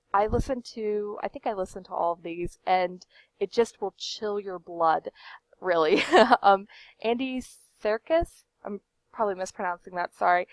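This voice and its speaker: A woman's voice: medium pitch, dry recording. Chatty woman hosting a book vlog. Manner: chatty, rambling, frequent fillers and restarts; laughs now and then while talking. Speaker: book channel host. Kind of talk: casual book commentary to camera.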